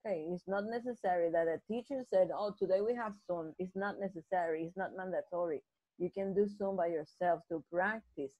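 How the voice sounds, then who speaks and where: Woman teaching a slow English grammar lesson. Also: lowish voice, dry recording, muffled recording. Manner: slow, repetitive explaining with frequent restarts. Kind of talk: live online grammar lesson.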